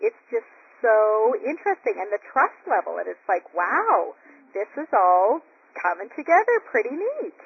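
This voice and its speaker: Giggly husky-voiced woman on a call. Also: fairly high pitch, sing-song, moderate pace, highs cut off. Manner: giggly and self-deprecating. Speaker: group call participant. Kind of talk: sharing on a group call.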